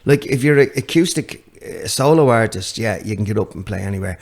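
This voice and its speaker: A man's voice: fairly low pitch, fairly quick, creaky. An older man, a guest guitarist chatting casually in an interview, telling stories with lots of restarts. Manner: animated storyteller with many restarts.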